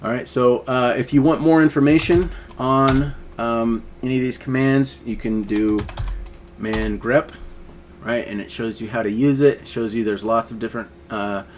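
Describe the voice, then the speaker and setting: This instructor's voice is medium-pitched and fairly level, moving at a normal speed against a little background noise. Typing at his computer, he teaches a coding lesson captured by screen recording, musing aloud in a relaxed way with lots of filler words.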